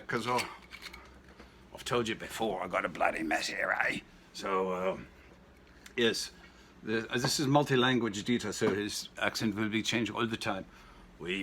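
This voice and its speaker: An older man in his sixties talks his way through making a drink at home, with a bright, sharp edge to his mid-range voice. He rambles, drifts into stories and tosses off wry jokes as he goes. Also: mid-range voice, a little hiss or hum. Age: 60s. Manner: rambling, jokey asides and anecdotes. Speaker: home cooking vlogger. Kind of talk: casual kitchen demo chat.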